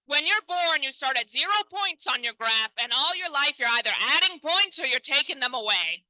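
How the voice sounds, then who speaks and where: A woman's voice: high voice, expressive, normal speed, sharp tone, no room sound, rough recording. A woman in her thirties performing a stand-up comedy set, self-deprecating and chatty, talking straight to the crowd on a comedy stage. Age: 30s.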